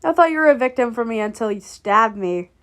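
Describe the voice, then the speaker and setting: A woman voicing a blunt, unbothered young male killer in a fanfic reading, in an offhand, flat way. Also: fairly high pitch, fairly quick.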